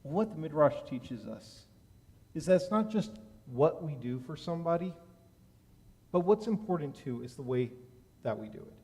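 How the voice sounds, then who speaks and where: A rabbi preaches from the pulpit, his voice sitting a little high for a man. He tells a story from his own life with animated energy and gets loud at the big moments. Every word rings out through a large, reverberant sanctuary. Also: normal speed, long pauses. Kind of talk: sermon with personal anecdote. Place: synagogue sanctuary. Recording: long reverb of a large hall.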